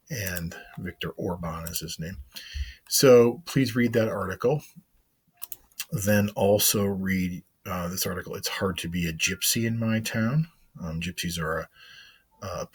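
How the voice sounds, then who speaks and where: A man with a very low, husky voice talks students through their assignments as a teacher. He is casual and meandering, narrating each click on his screen and pausing with fillers as he goes. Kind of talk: recorded screen-share lesson overview.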